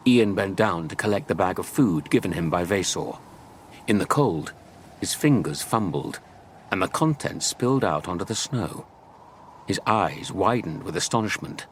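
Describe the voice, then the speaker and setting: A man reading an audiobook as narrator, telling the story in a measured way. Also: fairly low pitch, animated, a little hiss or hum. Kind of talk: scripted narration.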